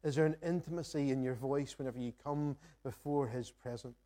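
A pastor with a medium-pitched, warm voice preaches briskly in the sanctuary. Earnest and reflective, he reads scripture and asks the congregation questions.

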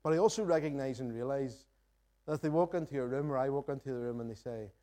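A man delivers a sermon from the front of a church with a mellow, warm tone. He speaks earnestly and reflectively, reading scripture aloud and asking the congregation searching questions. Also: mid-range voice, quick pace. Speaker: pastor. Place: church sanctuary.

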